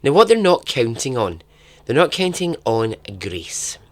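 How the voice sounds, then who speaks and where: A man, hosting a podcast and telling a true story in a casual, chatty way, breaking into animated asides and frequent laughs. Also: medium pitch, a little slow, no room sound, studio quality. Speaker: podcast host.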